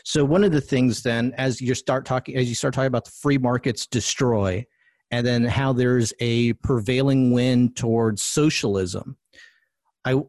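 A man hosts a relaxed talk show conversation at a mid-range pitch. He thinks out loud, restarts phrases and keeps asking his guest whether he agrees. The sound is dry and close, with no room echo. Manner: conversational, self-correcting, asks for agreement. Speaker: podcast host. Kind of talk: casual political discussion.

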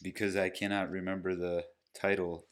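A man's voice: low voice, flat delivery, normal speed. A man hosting a solo podcast about his own book, talking casually and thinking aloud with frequent restarts. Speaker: podcast host and author.

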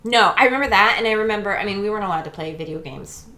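Female podcast co-host, New England-raised, crisp bright tone, casual storytelling. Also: mid-range voice, animated. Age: adult. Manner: chatty storyteller, quick asides. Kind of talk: casual chat.

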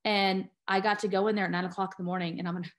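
A woman's voice: mid-range voice, flat delivery, racing. A woman, an adoptive mother and guest, telling her personal story with feeling, tearful and full of fillers and restarts.

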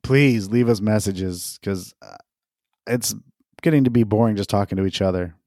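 A man's voice: lowish voice, normal speed, darkish tone, no room sound, clean studio sound. Joking, swearing podcast co-host man. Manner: joking, rambling, swears a lot. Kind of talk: casual chat.

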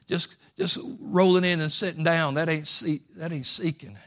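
A male pastor preaching a sermon in a folksy way. His voice sits high and rings bright, and he moves between hushed asides and fervent pleading. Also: fairly even intonation, normal speed. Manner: folksy, swings from quiet asides to impassioned pleading.

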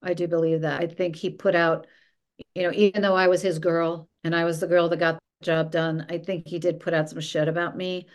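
Animated woman telling a story. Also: fairly low pitch, fairly quick. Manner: lively, acts out quoted dialogue. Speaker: podcast guest, former film executive. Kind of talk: casual storytelling interview.

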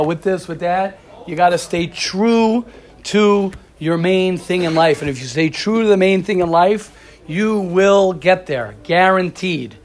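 Brief: male class teacher, animated storyteller, slightly high voice, casual lecture delivery. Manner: animated storyteller, addresses students by name. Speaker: teacher of a religious study class.

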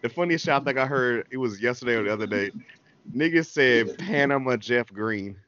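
A man hosting a casual basketball podcast chat, sarcastic and quick to laugh. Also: mid-range voice, animated, fairly bright tone, no echo, dull audio.

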